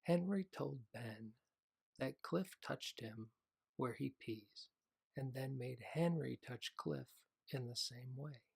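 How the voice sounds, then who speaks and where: A man's voice: mid-range voice, slow pace, vocal fry, darkish tone, husky, heavily acted. A man voicing an earnest, emphatic father in a children's audiobook. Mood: strained.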